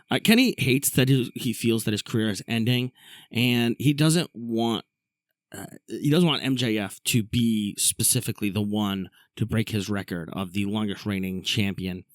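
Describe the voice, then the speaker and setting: A man hosts a casual wrestling recap podcast, running through the events in a brisk storytelling way. His voice sits in an ordinary middle range. The sound is dry and close to the mic. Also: medium pitch, no room sound. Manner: recaps matches briskly, reads an ad read. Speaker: podcast host.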